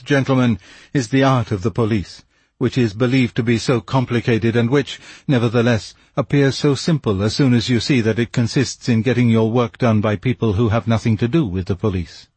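A man voicing a self-satisfied police commissary who questions briskly and pointedly. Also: mid-range voice, darkish tone, breathy edge, no room sound, natural voice.

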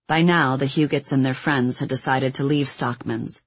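A man narrating a nonfiction book in an even, measured scripted reading. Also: medium pitch, breathy edge, dry recording, highs cut off. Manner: even, measured reading; quotes read with little acting. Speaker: audiobook narrator.

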